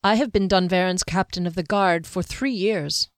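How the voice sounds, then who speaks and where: A man's voice: high voice, moderate pace, a bit bright, no room sound, studio quality. A woman voicing a solemn, self-righteous young male captain who speaks stiffly and earnestly.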